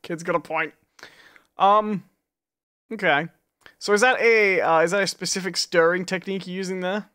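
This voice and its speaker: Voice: mid-range voice, fairly even intonation, pushed and bright, clean tone. Playful punning stream co-host. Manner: playful, quick with puns and teasing questions. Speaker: cooking show co-host. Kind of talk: jokey live cooking stream chat.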